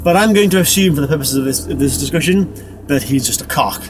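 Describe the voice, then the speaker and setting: A man's voice: fairly high pitch, quick pace. Chatty man ranting while driving. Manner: rambling, self-deprecating, swears casually. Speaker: vlogger. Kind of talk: casual driving vlog monologue. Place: inside a car while driving. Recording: car interior with road noise.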